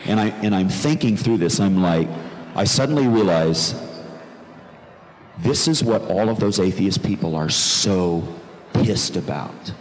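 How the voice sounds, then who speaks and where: Deep-voiced man telling a heartfelt story. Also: measured pace. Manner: earnest, reflective storytelling with emphatic repetition. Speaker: speaker telling his conversion story. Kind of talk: personal testimony talk. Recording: long reverb in a large room, faint background noise.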